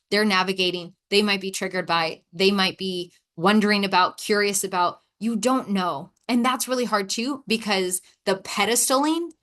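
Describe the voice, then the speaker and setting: A woman's voice: mid-range voice, fairly bright tone. Candid, self-deprecating woman podcast host. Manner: candid, self-deprecating, with sighs and playful sass; acts out quoted dialogue in shifting voices. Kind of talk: casual self-help podcast monologue.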